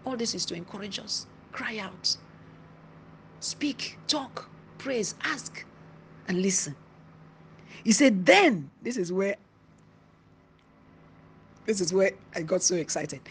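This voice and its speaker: Woman preaching, slow heavy emphasis on each line, bit of hiss in the background. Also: medium pitch. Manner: slow emphatic scripture reading with rising emphasis. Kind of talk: sermon.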